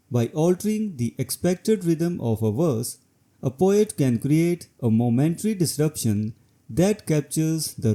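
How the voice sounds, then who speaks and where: A man reading a scripted educational narration in an even, measured way. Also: a little high.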